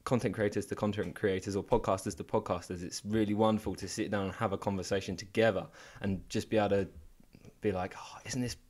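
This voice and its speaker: A man's voice: on the low side, steady tone, quick pace, darkish tone. A man hosting a podcast interview, chatty and laughing often, often trailing off and restarting his sentences. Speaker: podcast host. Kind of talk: casual interview.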